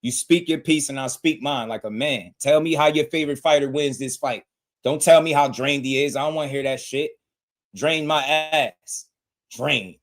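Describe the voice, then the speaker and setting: A man hosting a boxing livestream, talking heated and blunt to his chat with lots of slang. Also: on the high side. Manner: fired-up, blunt, slangy, talks straight to chat.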